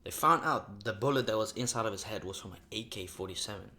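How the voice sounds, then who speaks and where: A man's voice: on the low side, fast talker, pushed and bright. A young man talking casually in a rambling mukbang vlog, swearing freely, recorded in a sparsely furnished room at home that he says echoes. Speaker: mukbang vlogger.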